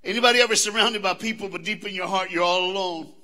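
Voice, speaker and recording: A man's voice: sits high, fast. A man from the American South with a Southern accent, giving a live motivational speech to students at a school assembly and calling out questions to the crowd. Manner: animated, engages the crowd with call-outs and questions. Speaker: motivational speaker.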